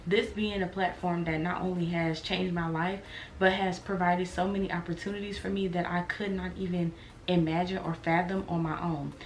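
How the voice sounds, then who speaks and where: A woman's voice: fairly low pitch, level tone, normal speed. A woman in her twenties talking earnestly and reflectively to her viewers in a candid sit-down vlog. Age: 20s. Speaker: vlogger. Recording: roomy echo, faint noise.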